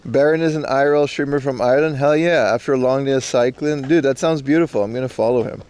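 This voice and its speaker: A man's voice: medium pitch, fast, a little mellow, smooth. A man streaming live from a park, chatting casually and reading out chat with loose, slangy rambling. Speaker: IRL streamer. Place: outdoors in a park in Japan.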